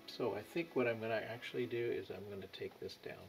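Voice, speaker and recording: Painting instructor, male, low gravelly voice, relaxed thinking-aloud delivery. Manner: thinks aloud while painting, with pauses and fillers. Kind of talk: unhurried painting tutorial. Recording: music playing behind.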